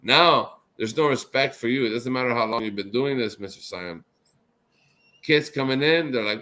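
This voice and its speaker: A man's voice: medium pitch, moderate pace. Drunk, rambling man hosting a chat. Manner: profane, rambling, swings between loud outbursts and mumbling. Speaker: show host.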